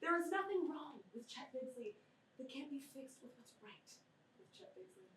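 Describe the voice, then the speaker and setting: A woman's voice: high voice, animated, normal speed, a bit bright. A woman playing a dippy therapist who gives rambling, folksy, soothing advice in a comedy sketch. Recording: roomy, distant mic with faint ambience.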